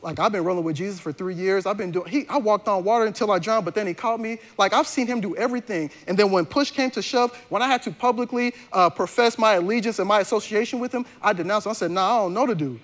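A man's voice: high voice, fast talker, hardly any pauses, a bit bright. A male pastor preaching a sermon in a conversational, slangy way, often restarting his sentences.

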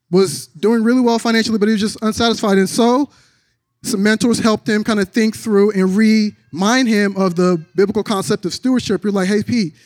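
A man preaching a sermon, telling a story with drops into a low, soft voice for quoted lines. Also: no echo, studio quality. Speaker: pastor.

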